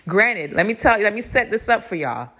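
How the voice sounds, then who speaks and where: A young woman hosting a podcast, telling a story in a casual, animated way, cursing freely and laughing between lines. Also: mid-range voice, brisk. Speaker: podcast host.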